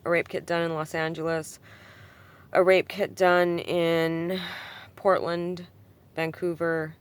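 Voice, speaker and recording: A woman's voice: fairly low pitch, level tone, slow, clear, resonant tone. A woman talking in a casual, rambling vlog monologue at home, full of ums and likes, swinging from subdued to heated. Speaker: vlogger answering a comment. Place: at home with her cat.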